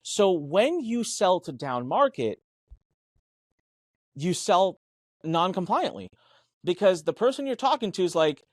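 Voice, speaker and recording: This male co-host of a business podcast has a high, very animated voice that moves a little slowly, with long pauses. He tells emphatic stories, performs quoted lines, and curses casually, recorded with studio quality and no echo.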